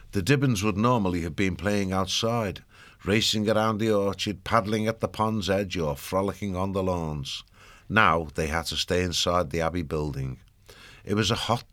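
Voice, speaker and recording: A man giving steady scripted narration of a story. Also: low-pitched, normal speed, no echo.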